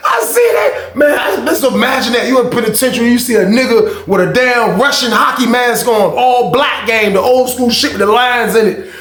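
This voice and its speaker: A man telling a prison story to his viewers, animated and profane, talking straight to the audience. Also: extremely high pitch, normal speed, shouting. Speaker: storyteller, channel host. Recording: roomy echo.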